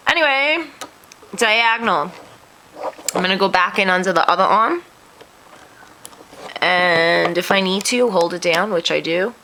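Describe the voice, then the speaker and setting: A woman's voice: lowish voice, gravelly, bright, forceful tone, a little hiss or hum, low-quality recording. A woman hosting a craft tutorial, walking through each step in a chatty, self-deprecating way while sniffling. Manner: chatty, self-deprecating, talks through her hands-on work.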